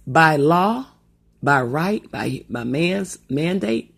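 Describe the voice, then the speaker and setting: A husky middle-aged woman with a gravelly edge tells family stories off the cuff. Her pitch swoops wide as she rambles and cusses her way through the tale. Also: slow. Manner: rambling and profane, with animated asides. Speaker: storyteller. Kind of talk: casual storytelling monologue.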